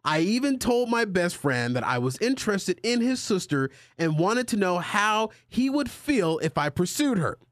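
A male podcast host in casual chat, animated and joking with his co-hosts as he reads out a listener letter. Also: high voice, moderate pace, hardly any pauses, no room sound, studio quality. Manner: animated, jokey banter with co-hosts.

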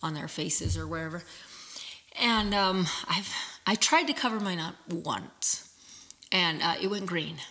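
A woman's voice: lowish voice, a little slow. A woman in her thirties telling stories in casual chat, acting out the voices of people in them. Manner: animated storyteller, acts out voices in anecdotes.

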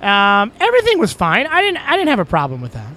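A man's voice: high voice, huge pitch swings, fast, bright, forceful tone. A man hosting a casual podcast chat outdoors at a racetrack campsite, playful and laughing, with stammering restarts. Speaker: podcast host.

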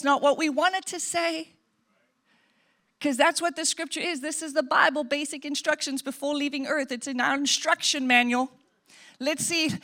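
A woman's voice: sits high, fairly bright tone. A woman pastor preaching a sermon in a conversational, earnest way, full of asides and quoted voices.

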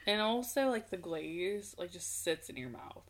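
A woman's voice: fairly low pitch, animated, measured pace. A woman co-hosting a podcast in casual chat, chatty and teasing, laughing often and filling her talk with "like". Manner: giggly, teasing, chatty with lots of "like". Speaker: podcast co-host.

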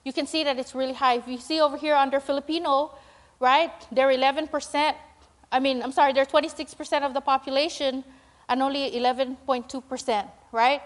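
High-voiced woman giving a rambling church talk. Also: fairly even intonation, fairly quick. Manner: conversational, rambling, with many fillers and tag questions. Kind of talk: church presentation with slides.

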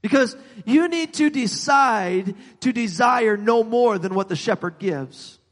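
A man preaching a sermon, halting and repeating words, growing emphatic as he goes. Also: high voice, expressive, big-room sound.

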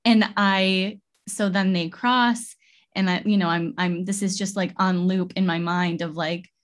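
A woman's voice: on the low side, steady tone, measured pace. Woman telling a personal story, rambling. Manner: rambling, filler-heavy storytelling with many restarts. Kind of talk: casual heartfelt conversation.

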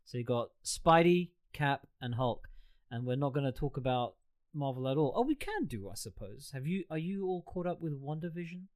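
A man's voice: a little high, expressive. A man hosting a podcast over a video call, chatting casually and rambling with jokes. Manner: chatty, rambling, quick to joke. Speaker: podcast host. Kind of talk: casual chat.

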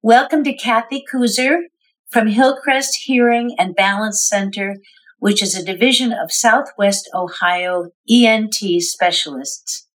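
A woman co-hosting a podcast, reading a smooth scripted introduction and chatting in a friendly way. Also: mid-range voice, measured pace, fairly bright tone. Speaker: podcast co-host. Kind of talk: scripted introduction and casual chat.

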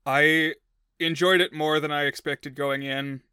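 A man co-hosting a casual film podcast, chatty and joking, with quick asides. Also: on the high side, steady tone, pushed and bright, clear, resonant tone, dry recording, studio quality. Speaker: podcast co-host.

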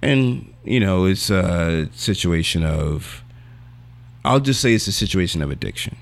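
A man's voice: sits low, expressive, unhurried, vocal fry. A young man co-hosting a podcast in casual, slangy, rambling chat while losing his voice. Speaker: podcast co-host.

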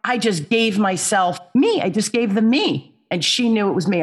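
A middle-aged woman, a guest on a podcast, telling a story in an animated, expressive way. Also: mid-range voice, moderate pace, few pauses, husky. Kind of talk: storytelling in an interview.

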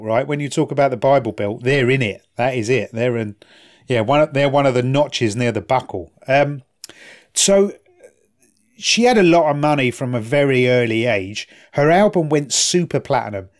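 A man's voice: mid-range voice, expressive, moderate pace. A man with a middle-range voice talks through a story in casual chat. He explains things step by step and keeps checking for agreement as he goes. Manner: chatty, explaining, asks for agreement.

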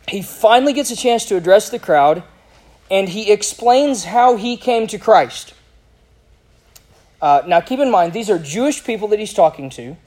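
High-voiced pastor preaching conversationally. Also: male voice, darkish tone. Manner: conversational, rhetorical questions, reads scripture with rising emphasis. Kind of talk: expository sermon.

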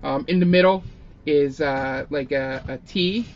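A man's voice: a little high, unhurried, highs cut off, slight background noise. A man narrating as game master at a tabletop game, loose and rambling with many fillers.

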